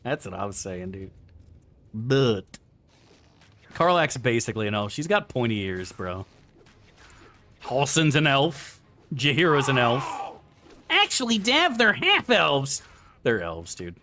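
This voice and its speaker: A man's voice: medium pitch, lively intonation, unhurried, pauses often, fairly bright tone. A young man streaming a game live, casually and profanely bantering with his chat as he plays. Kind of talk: live gameplay commentary reading chat.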